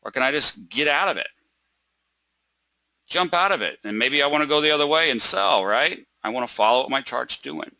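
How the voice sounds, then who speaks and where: A man's voice: mid-range voice, animated, a little fast, vocal fry, sharp tone, no echo. A man teaching a live webinar lesson. He asks rhetorical questions, checks in with "right?" and "okay?", and acts out a stressed trader by repeating words. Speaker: trading webinar instructor.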